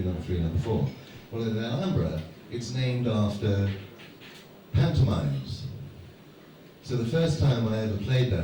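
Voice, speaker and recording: A man's voice: on the low side, dark tone. Rambling, jokey man on an echoey stage. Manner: jokey, self-mocking, rambling storyteller. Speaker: guest speaker at a fan event. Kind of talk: anecdotal stage banter with the audience. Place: large hall before a live audience. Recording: echoey hall, distant mic, noisy.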